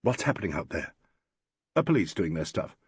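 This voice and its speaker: A nervous young backstage man murmurs low and quick, keeping his voice down, as a male narrator voices him. The tone is husky and dry. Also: big pitch swings, dry recording, heavily acted. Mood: hushed. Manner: whispering, hurried. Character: nervous young male stage manager, hushed.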